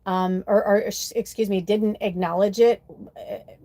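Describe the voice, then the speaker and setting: A woman's voice: mid-range voice, measured pace. A woman hosting a spiritual live stream, chatting casually and animatedly with lots of fillers and curse words, sometimes mimicking other people's voices. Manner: animated and profane, many fillers, quotes voices in mock tones. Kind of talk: casual live stream chat with tarot reading.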